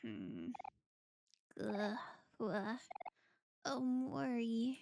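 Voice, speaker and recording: A woman streaming a game, talking casually and slowly with a high, gravelly voice. She reads chat aloud and greets viewers with sudden excitement. Faint game music plays behind her. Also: a little hiss or hum. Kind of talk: casual live-stream chat while gaming.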